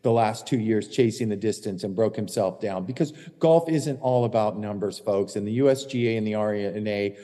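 A man's voice: on the low side, normal speed, few pauses, warm tone, in a large hall. A man co-hosting a podcast, telling a heated caddie story in blunt, profane casual chat. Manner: blunt, heated, swears constantly. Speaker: podcast co-host, former tour caddie.

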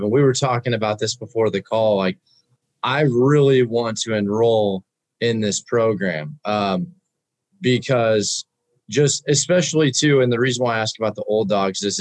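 A man's voice: on the low side, no echo, low-quality recording. A man interviewing, asking rambling questions full of fillers. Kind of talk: casual interview.

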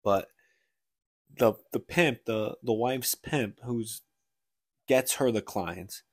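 A man's voice: medium pitch, slow pace, no echo, studio quality. A man co-hosting a casual book podcast, rambling through a story retelling with lots of "like" and restarts. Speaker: podcast co-host.

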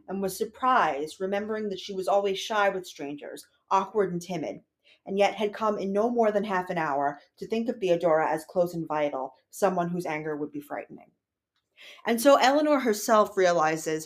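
A woman co-hosts a casual book podcast in a wry, analytical way. Her pitch sits in the ordinary middle range. She moves between easy chat and reading passages from the novel aloud. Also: normal speed. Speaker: podcast co-host.

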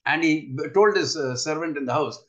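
An older man teaches with earnest conviction, his voice sitting a little high for a man. He keeps turning to his listeners with rhetorical questions. The recording is dull and lo-fi. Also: moderate pace. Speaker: spiritual teacher. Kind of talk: spiritual talk.

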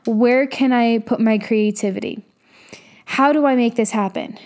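A woman's voice: on the high side, unhurried, a little mellow. A young woman hosting a podcast, giving a casual motivational monologue as a business coach, candid and profane, acting out her own past thoughts.

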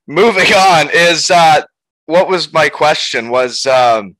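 A man hosting a relaxed interview, his questions rambling and loose. His voice is bright and crisp, recorded close and dry with no room sound. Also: on the high side, slow, dry recording, poor audio. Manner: rambling questions, laughs easily. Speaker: podcast host. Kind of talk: casual interview chat.

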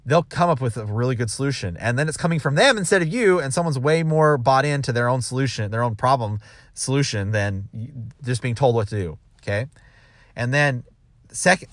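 A man's voice: mid-range voice, expressive, fairly quick, a bit bright, dry recording. A man giving casual advice as a sales manager, rambling with restarts and acting out quoted dialogue.

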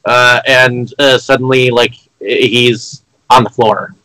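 A man on a casual podcast recapping a film plot, halting, with many fillers and restarts. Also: medium pitch, fairly even intonation, bright, forceful tone, no echo, low-quality recording. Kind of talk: casual chat.

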